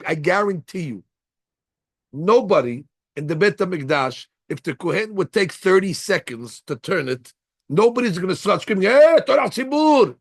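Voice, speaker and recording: A rabbi with a fairly high, gravelly and somewhat husky voice teaches a lively class. He acts out short scenes in different voices as he explains. The sound is dry and close to the mic. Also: no room sound. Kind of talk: animated Torah class.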